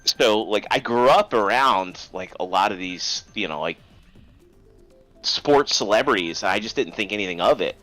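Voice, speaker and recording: A man from the Baltimore area chatting on a gaming stream, telling stories with halting restarts. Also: lowish voice, expressive, a bit bright, no echo, faint music behind, rough recording. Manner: rambling, halting with many restarts. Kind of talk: casual chat while gaming.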